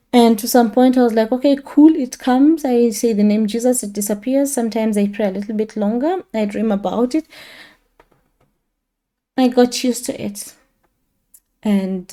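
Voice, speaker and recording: A woman in her thirties with a mellow, medium-pitched voice gives a personal faith testimony. She rambles casually, using many fillers and frequently restarting her sentences.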